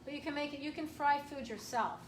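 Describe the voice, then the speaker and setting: A woman chiropractor giving a casual, emphatic health workshop talk to an audience, clearing her throat often. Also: high voice, fairly quick. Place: room with an audience. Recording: echoey room from far off, faint hiss.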